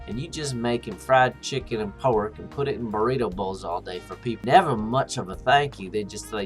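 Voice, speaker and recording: A man riffs sarcastically on customer reviews, mocking the writers and slipping into silly voices. His voice sits in a middle pitch. Faint guitar music plays quietly behind him. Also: expressive, brisk. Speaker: comedian reading reviews. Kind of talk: comedic review reading.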